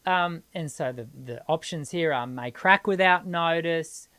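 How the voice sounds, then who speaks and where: Australian woman vocal coach running a live Q&A; explanatory and lively, voice sits on the low side. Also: a little slow. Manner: explanatory, lively, laughs easily. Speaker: singing teacher hosting a live Q&A.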